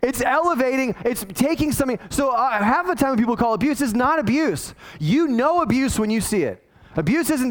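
A man's voice: very high-pitched, expressive, fairly quick. A man in his forties, a pastor, preaching a conversational sermon that is full of restarts and acted-out quotes.

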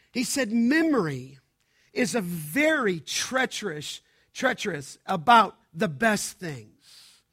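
A man preaching a sermon to his congregation, slow and emphatic, building to loud declarations. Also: sits high. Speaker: pastor.

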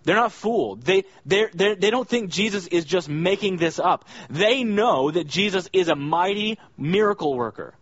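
A man's voice: animated, normal speed, hardly any pauses, a bit bright, slightly rough, no echo. A man preaching an expository sermon, earnest and emphatic, reading scripture aloud and stressing key words. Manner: earnest, emphatic, rises high when voicing the villagers' questions. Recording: dull dry lo-fi sound.

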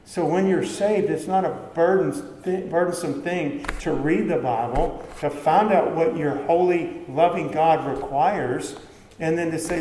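A man's voice: a little high, unhurried, mellow, a little hiss or hum. A man preaching a sermon in a conversational way, asking the listeners questions and answering them himself. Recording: echoey hall with faint background ambience.

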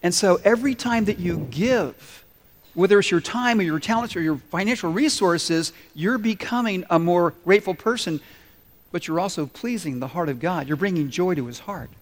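Man preaching, high voice, lively and playful delivery, long reverb of a church hall. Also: normal speed. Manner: animated, playful preaching with acted-out asides. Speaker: pastor. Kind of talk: sermon. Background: congregation responding.

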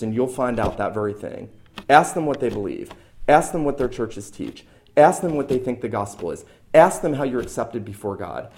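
A man's voice: medium pitch, darkish tone. A man preaching a sermon as a pastor, emphatic and repeating key lines for stress.

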